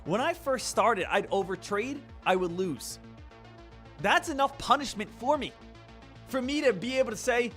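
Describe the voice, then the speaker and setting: A man's voice: high voice, animated, normal speed, a bit bright, faint music behind. A man streaming about stock trading, lecturing emphatically and repeating phrases for effect. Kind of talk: live-stream motivational talk.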